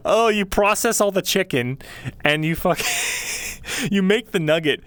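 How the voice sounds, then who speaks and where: A man's voice: high-pitched, lively intonation, unhurried, a bit bright, no room sound. A man streamer casually signing off his roleplay stream, joking, laughing and thanking his chat.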